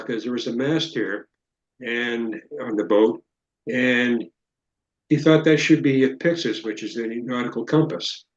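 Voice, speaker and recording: A man's voice: mid-range voice, echoey room, highs cut off. A man presenting as a guest over a video call, rambling and joking as he walks through a slideshow. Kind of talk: casual slideshow talk.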